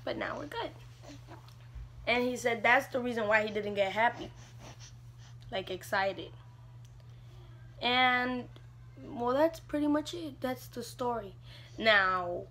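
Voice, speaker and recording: A woman's voice: mid-range voice, a bit bright, a little hiss or hum. A young woman vlogger casually telling a personal story, chatty and leaning on "like" a lot. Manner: chatty, fills with "like" often.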